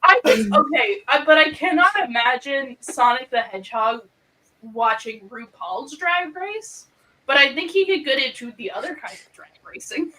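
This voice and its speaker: A woman chatting on a video call, playful and quick to crack jokes. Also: high voice, animated, pushed and bright, recorded from a distance, a little hiss or hum, low-quality recording. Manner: playful, joking. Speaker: podcast co-host. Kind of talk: casual chat.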